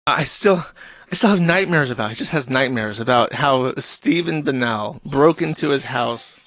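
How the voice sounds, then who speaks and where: A man's voice: medium pitch, lively intonation, normal speed, fairly bright tone, dry recording. A man hosting a live stream, reading posts aloud and mocking them in a sarcastic, profane, mock-serious tone. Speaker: streamer host.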